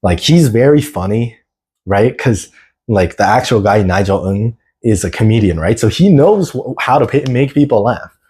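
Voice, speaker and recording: A man's voice: fairly low pitch, animated, moderate pace, a little mellow, husky. A man chatting casually on a phone livestream, laid-back and slangy, answering viewers' chat. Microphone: phone camera.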